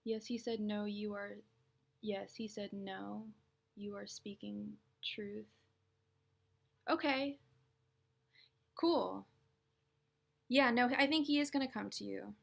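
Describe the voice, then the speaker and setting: A woman's voice: medium pitch, steady tone, takes it slowly, pauses often. A woman reading tarot on a live stream, chatting in a rambling way with lots of fillers and restarts. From California. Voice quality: slightly gravelly voice. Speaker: tarot reader.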